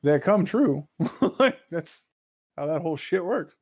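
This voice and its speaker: A man's voice: on the high side, expressive, slow pace, a little mellow, husky, no echo, studio quality. A man hosting a casual gaming podcast, rambling and joking and swearing freely. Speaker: podcast host.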